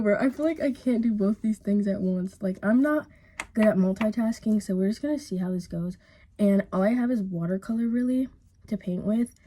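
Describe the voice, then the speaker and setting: Rambling, husky young woman vlogger. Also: medium pitch. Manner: rambling, full of "like" and swearing, animated retelling. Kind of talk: casual storytime chat while painting.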